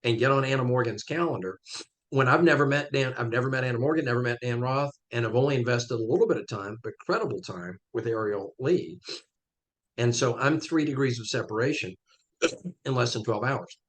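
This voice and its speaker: A man's voice: medium pitch, fairly quick, a bit bright. A man, a guest on a podcast interview, explaining his points emphatically with step-by-step examples.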